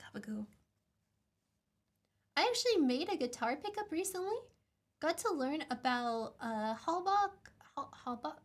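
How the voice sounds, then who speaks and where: Soldering a kit at her desk, a young woman chats on her stream in a high, light, slightly bright voice. Speaking straight into a desk mic, she rambles, giggles often and pokes fun at herself.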